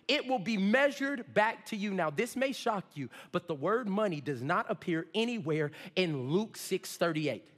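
A male pastor preaching a sermon, swinging between shouts and low asides. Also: animated, normal speed, few pauses, in a large hall. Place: church sanctuary.

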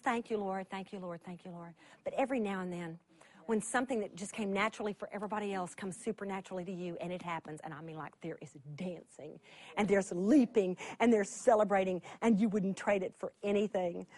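High-voiced woman teaching a Bible lesson. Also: dry recording. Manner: animated, laughing storyteller. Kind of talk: teaching sermon.

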